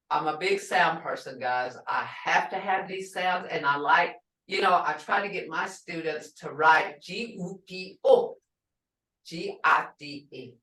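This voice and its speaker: A middle-aged woman teaching pronunciation, speaking slowly and repeating each word to drill its sounds. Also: lowish voice, a bit bright. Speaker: language teacher. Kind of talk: pronunciation lesson. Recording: echoey room from far off.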